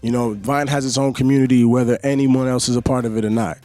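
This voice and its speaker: A young man chats as a radio interview guest. His voice sits mid-pitched and easygoing, and he rambles loosely, filling gaps with "you know". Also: fairly even intonation, fast talker, a little mellow, no echo. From Yonkers, New York. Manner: laid-back, rambling, peppered with "you know". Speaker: singer and Vine creator, guest. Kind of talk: casual interview talk.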